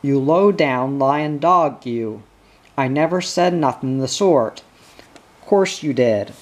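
A bitter, angry old station boss snarls insults, as a reader puts him on. The words come slow and hard. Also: medium pitch, lively intonation. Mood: snarling. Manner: snarling, abusive.

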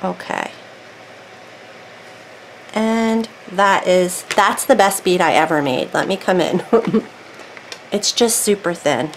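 A woman's voice: fairly low pitch, slow pace, long pauses, slight background noise, low-quality recording. A woman casually talking through a craft project in real time, thinking aloud as she works at her desk. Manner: chatty, self-talking while working, thinks aloud. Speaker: craft video creator.

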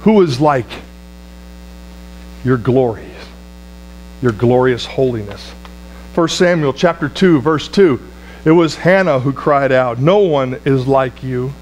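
A man's voice: medium pitch, lively intonation, slow pace, pauses often, a little hiss or hum. A man preaching a sermon, emphatic, repeating key words for effect, calling out to the congregation and often restarting his phrases. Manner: restarts and stumbles over words. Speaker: pastor.

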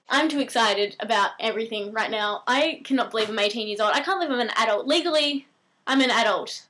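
An eighteen-year-old woman with an Australian accent, chatting excitedly to her vlog camera, giggly and bubbly. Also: on the high side, brisk. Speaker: vlogger. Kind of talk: casual chat to camera.

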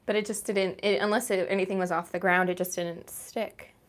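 A woman's voice: medium pitch, steady tone, a little fast. A young woman co-hosting a live art stream from a home studio, chatting in an easygoing, rambling way. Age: young adult. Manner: easygoing, rambling, many fillers and restarts. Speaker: co-host and chat moderator. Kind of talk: casual chat.

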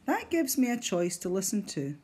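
A woman's voice: mid-range voice, sing-song, normal speed, darkish tone, husky. A woman, a teacher walking learners through a device step by step with patient guidance. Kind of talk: instructional screen demonstration.

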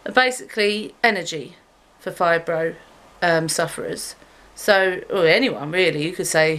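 A woman vlogging while walking her dog outdoors, talking to her phone camera in a chatty, rambling way. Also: fairly bright tone. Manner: chatty, rambling, talks to her dog in a high sing-song voice. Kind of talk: casual chat to camera.

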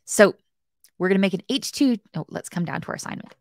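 A woman's voice: mid-range voice, expressive, fast talker, no echo, clean studio sound. A woman hosting a live web development lesson. She is chatty and playful, mocks herself, and talks straight to viewers in the chat. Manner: chatty, playful and self-mocking. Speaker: web development bootcamp host. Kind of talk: casual live-stream coding tutorial.

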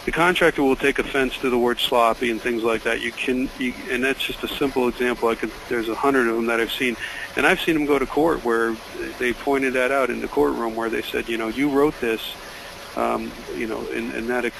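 Gravelly man making an emphatic point. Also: medium pitch, fairly even intonation, brisk, a bit bright, slight background noise, low-quality recording. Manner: emphatic, restarts often. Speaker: webinar panelist. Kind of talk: spoken comment in a webinar.

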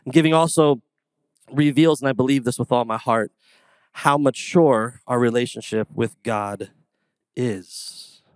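A man preaching a sermon as pastor, telling casual stories in an animated, conversational way. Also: mid-range voice, unhurried, no room sound. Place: church sanctuary.

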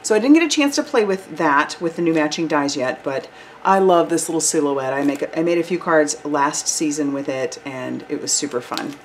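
A woman's voice: sits low, expressive, normal speed, a little hiss or hum. A woman hosting a card-making channel, chatting enthusiastically through a product review with casual fillers.

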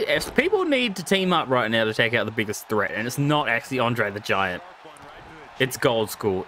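A young man commentates a wrestling video game on a live stream, his voice a little high against slight background noise. It's casual talk, full of jokes, frequent swearing and plenty of laughter, and he sounds excitable throughout.

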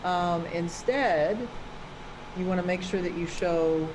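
Slow, lowish-voiced female teacher. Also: fairly even intonation, darkish tone, echoey room, a little hiss or hum, poor audio.

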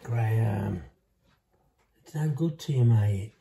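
A man's voice: fairly low pitch, expressive, takes it slowly, vocal fry, dark tone. A man chatting casually in his home cooking vlog, talking to himself as he tastes a cake. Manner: chatty, self-talking, talks with mouth full.

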